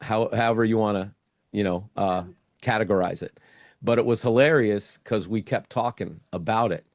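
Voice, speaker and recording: Low-voiced man telling a story. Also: normal speed, no room sound, clean studio sound. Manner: animated storyteller, acts out his own thoughts. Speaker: guest. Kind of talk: casual interview storytelling.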